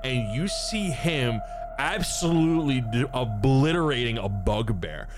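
A man narrating a tabletop game as game master, casual and animated, with many filler words. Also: mid-range voice, unhurried, music in the background.

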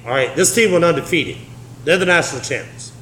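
A man runs a casual solo sports podcast, chatty and joking as he speaks right to his listeners. His voice sits a little high and rings off the walls of an echoey room, with a faint hiss underneath. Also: animated, fairly quick, sharp tone. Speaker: podcast host.

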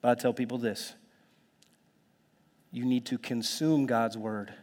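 A man preaching a sermon in a lively, conversational way, now and then dropping to a whisper or jumping to a shout. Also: medium pitch, unhurried. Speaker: pastor. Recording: long hall reverb.

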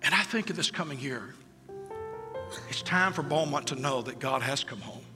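A man's voice: mid-range voice, lively intonation, moderate pace, over music. A middle-aged male pastor preaching an impassioned sermon with rhetorical questions, recorded in a church sanctuary. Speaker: lead pastor. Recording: long reverb of a church hall.

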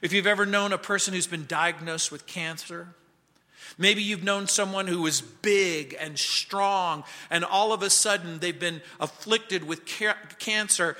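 A pastor teaching verse by verse through a Bible book, earnest, sometimes dropping his voice to a hush. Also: sits high. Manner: earnest, drops to a hushed voice at times. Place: church sanctuary. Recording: church hall reverb.

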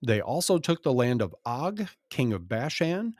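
A man's voice: mid-range voice, big pitch swings, measured pace, a little mellow, no room sound, studio quality. A man hosting a podcast, reading Bible passages aloud with emphatic commentary and the odd laugh. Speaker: podcast host reading scripture.

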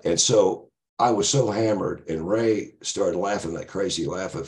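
An older man with a very low voice spins a rambling anecdote for a podcast. He doubles back, piles on fillers and laughs at his own story as he goes. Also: unhurried, darkish tone. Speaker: guest musician. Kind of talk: casual anecdote telling.

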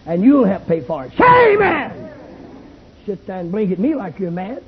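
Shouting preacher, lo-fi tape. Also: male voice, sits high, expressive, quick pace. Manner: shouting, calls for amens. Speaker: Baptist preacher. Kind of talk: fiery revival sermon. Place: revival tent. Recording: tinny lo-fi old tape recording.

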